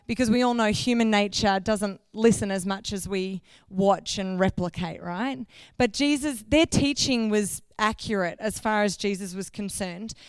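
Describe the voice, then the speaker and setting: Preaching as a guest, this woman keeps her sermon conversational, putting questions to the congregation and correcting herself mid-sentence whenever she loses track. Her voice is a little high, clear and resonant. The recording is dry.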